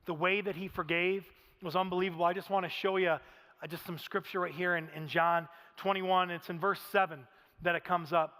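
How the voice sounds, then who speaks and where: Male pastor, high-pitched and animated, sermon recorded with long hall reverb. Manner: animated storytelling, acts out quoted voices. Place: large church auditorium.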